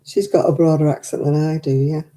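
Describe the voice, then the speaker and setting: A woman's voice: low voice, steady tone, a little fast, dark tone. A woman, chatting casually while knitting on a live stream from her living room, rambling and laughing often as she reads viewer comments into a desk mic. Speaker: craft live-stream host. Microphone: desk microphone.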